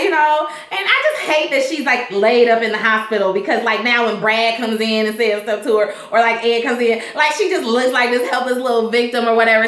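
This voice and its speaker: Woman vlogger with features, talks straight to her audience, slightly high bright voice, echoey home setup. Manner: chatty, animated, addresses viewers directly. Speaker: YouTube TV recap host. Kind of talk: casual vlog recap.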